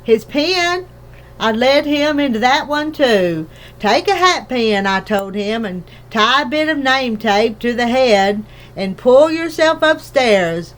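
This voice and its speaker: Fretful little mother borrower, fussy and dramatic, pitched high and read slow, a woman reading. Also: animated. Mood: distraught. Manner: fussing, dramatic, easily upset. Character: fretful tiny mother borrower, anxious and tearful.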